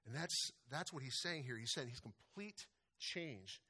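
A man's voice: medium pitch, lively intonation, a little slow, sharp tone, breathy edge. Male pastor, sermon delivery, plain and unpolished, mid-range voice, repeats words mid-thought.

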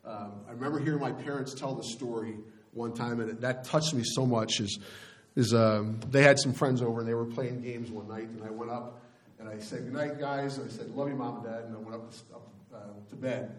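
A man's voice: mid-range voice, fairly even intonation, brisk. A middle-aged man preaching a sermon as pastor, speaking in a conversational, folksy way with frequent restarts.

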